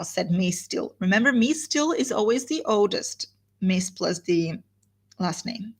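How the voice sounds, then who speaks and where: A woman leads a live guided reading of a novel, mixing read passages with friendly explanatory asides. Her voice is slightly husky and breathy, at an ordinary middle pitch. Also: a little slow. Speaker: literature teacher.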